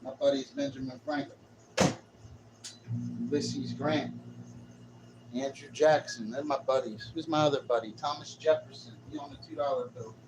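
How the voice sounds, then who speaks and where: A man's voice: mid-range voice, steady tone, moderate pace, long pauses, background noise. A man livestreaming, chatting brashly and jokingly straight to his viewers with plenty of slang. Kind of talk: casual livestream chat.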